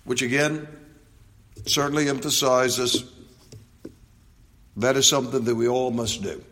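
A man preaching an expository sermon, reading scripture aloud with slow emphasis and then dropping to a quiet, reflective tone. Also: medium pitch, steady tone. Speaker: pastor. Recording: long hall reverb.

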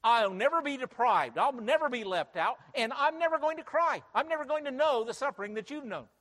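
A man preacher voicing a proud, boastful queen who insists she will never suffer, speaking loudly and emphatically. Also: very high-pitched, expressive, normal speed, in a large hall, voice pushed up, full character voice. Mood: defiant. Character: proud boastful queen, woman, defiant and arrogant.

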